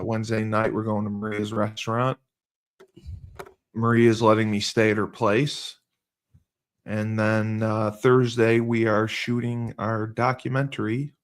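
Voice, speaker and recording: A man, a football coach hosting a casual podcast chat, talking in a rambling, teasing way with many fillers. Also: on the low side.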